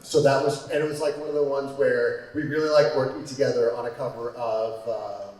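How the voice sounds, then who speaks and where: A man on a convention panel, talking hesitantly and filling pauses with "uh" and "like". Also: medium pitch, steady tone, a little mellow. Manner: hesitant, many fillers. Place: large convention hall. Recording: very echoey hall from far off.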